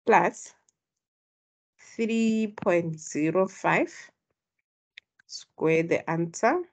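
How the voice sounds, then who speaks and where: Husky female stats tutor, low-pitched, slow and deliberate, prompting her class. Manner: explains step by step, prompts students to respond. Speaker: statistics tutor. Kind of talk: online tutorial.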